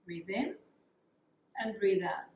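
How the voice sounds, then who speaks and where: A woman teaching a yoga class, guiding breathing practices in a calm, soothing way and counting the breaths. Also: mid-range voice, takes it slowly. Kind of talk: guided yoga breathing instruction. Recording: echoey room with faint ambience.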